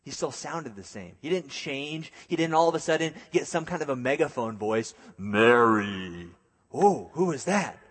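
Pastor, male, a touch high-pitched, relaxed and joking as he preaches, big echoing hall. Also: normal speed, few pauses. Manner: conversational preaching with jokey asides. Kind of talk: sermon.

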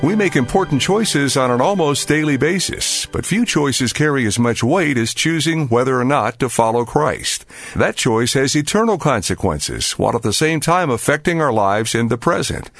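A man's voice: medium pitch, expressive, moderate pace, hardly any pauses, a bit bright, soft background music. A male radio host giving the closing announcement in a persuasive, inviting manner.

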